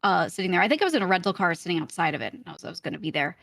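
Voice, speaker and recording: A woman's voice: on the low side, sing-song, creaky, a bit bright, dry recording, studio quality. A woman guest on a podcast, telling a long story in casual chat with frequent laughs. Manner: chatty storyteller, quick laughs.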